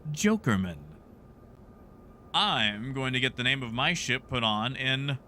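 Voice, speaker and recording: A man's voice: mid-range voice, moderate pace, sharp tone, a little hiss or hum. A man streaming a game and chatting casually with live viewers, joking and riffing on their messages from his home setup.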